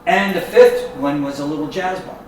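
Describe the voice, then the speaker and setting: Brief: man, animated raconteur, a bit high-pitched, distant mic in a very reverberant room. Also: moderate pace, a little hiss or hum. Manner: animated storyteller who acts out quotes. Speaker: guest musician. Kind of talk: casual storytelling chat. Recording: echoey room picked up from a distance.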